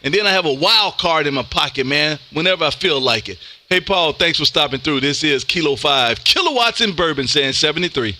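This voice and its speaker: A man from Texas, a ham radio operator streaming live, talking loud and energetic as he makes contacts and calls "man" after almost every phrase. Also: fairly high pitch, fairly quick. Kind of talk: on-air radio contacts and chat. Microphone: close studio mic with headphones.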